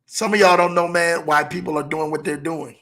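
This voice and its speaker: A man hosting a motivational talk show, repeating his key points and slowing down to stress them. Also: on the high side, steady tone, sharp tone. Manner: preachy, repeats key lines, slows for emphasis.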